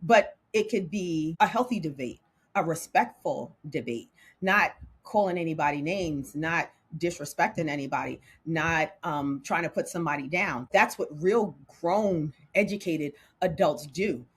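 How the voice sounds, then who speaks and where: A woman hosting her own show, talking candidly and with feeling, laughing often and slowing down to hit her emphatic points. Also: deep voice, breathy edge. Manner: candid and animated, laughs often, slows down to punch emphatic lines. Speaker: host. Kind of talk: casual talk to camera.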